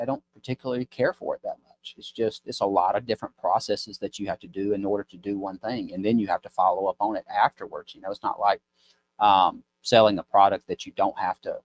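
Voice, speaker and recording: This is a low-pitched man with a drawl, chatting casually as a podcast guest. He rambles through his stories with a folksy ease and acts out the people in them. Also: fairly even intonation, brisk, a little hiss or hum. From Mississippi. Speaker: podcast guest, business owner. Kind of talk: casual storytelling chat.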